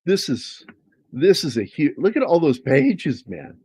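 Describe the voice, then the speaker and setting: A man's voice: a little high, very animated, a little slow, darkish tone, slightly rough. A middle-aged man, a comic artist, chatting casually about his work in a rambling way, with frequent restarts and casual swearing. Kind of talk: casual chat.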